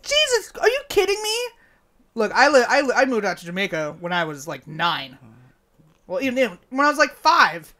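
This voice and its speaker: A New York woman with a Long Island accent, talking fast and easily thrown into disbelief. Her pitch swings widely and her voice sounds bright and sharp. She swears casually and laughs often. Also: a little hiss or hum. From born in New York. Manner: excitable, swears, laughs a lot. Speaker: podcast co-host. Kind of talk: casual chat.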